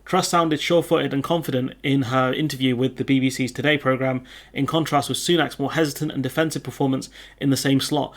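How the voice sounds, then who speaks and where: A man riffing on the news as a political commentator, sardonic and loose, full of filler words. His voice sits at an ordinary pitch and has a gravelly, fry-laden edge. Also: fairly even intonation, brisk.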